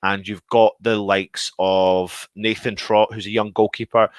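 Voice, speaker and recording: A man co-hosting a casual football chat show, animated and talking over his co-host. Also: on the low side, measured pace, clear, resonant tone, no echo. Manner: animated, storytelling, talks over others. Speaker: podcast co-host.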